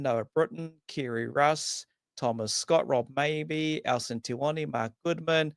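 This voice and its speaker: A New man hosts a relaxed motorsport chat, quick with jokes and shout-outs to viewers. His voice sits at a middling pitch and sounds dry and close, with no room around it. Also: no room sound. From New Zealand. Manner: upbeat, jokey, rattles off viewer names. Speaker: podcast host.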